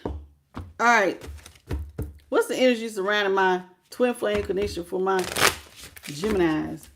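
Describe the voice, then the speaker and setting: A woman's voice: medium pitch, measured pace, noisy background. A woman giving a casual tarot reading, talking bluntly and colloquially and chatting with her viewers. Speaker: tarot reader.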